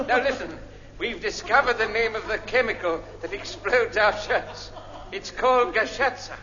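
An actor playing a leering, rambling, lecherous old army major in a 1950s radio comedy. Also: male voice, high voice, moderate pace, bright, forceful tone. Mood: bumbling. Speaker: army officer. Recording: muffled old broadcast with hall echo, audience.

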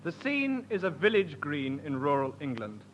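A man's voice: fairly high pitch, big pitch swings, moderate pace, muffled recording, heavy background noise. A man in a radio comedy sketch show, teasing and setting up scenes. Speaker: comedy performer.

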